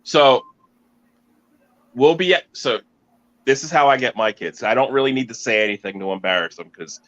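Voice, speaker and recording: A man's voice: medium pitch, normal speed, fairly bright tone. A father tells playful, hesitant stories about his kids in a casual chat. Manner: playful, hesitant storytelling with fillers. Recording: dull lo-fi audio.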